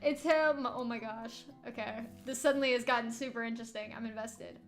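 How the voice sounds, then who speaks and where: High-voiced chatty woman streamer. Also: fairly even intonation, fairly quick, faint music behind. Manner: chatty and giggly, trailing off into quiet asides. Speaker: game streamer. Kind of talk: casual let's-play commentary.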